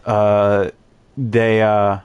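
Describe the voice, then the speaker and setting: A man's voice: lowish voice, little pitch movement, extremely slow, clear, resonant tone, lo-fi sound. A man streaming a game, chatting casually with many fillers and restarts. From Canada. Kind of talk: casual gaming chat.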